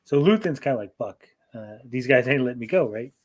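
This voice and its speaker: A man's voice: mid-range voice, animated. A man co-hosting a podcast, casually recapping a TV episode in a profane, rambling way and briefly acting out the characters. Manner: profane, rambling, acts out characters in quick asides. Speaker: podcast co-host.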